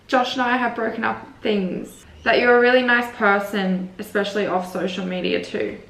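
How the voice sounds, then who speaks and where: Chatty Australian woman with vocal fry. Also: mid-range voice, flat delivery, normal speed, fairly bright tone. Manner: chatty, heavy use of "like" fillers. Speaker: vlogger. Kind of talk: casual chat answering viewer assumptions. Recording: roomy echo.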